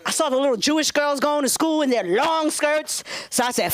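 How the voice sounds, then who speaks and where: A woman's voice: high voice, brisk, hardly any pauses, no echo. A woman in her thirties with a New York accent, doing brash, profane stand-up comedy at an open mic. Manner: brash, profane, loud and animated.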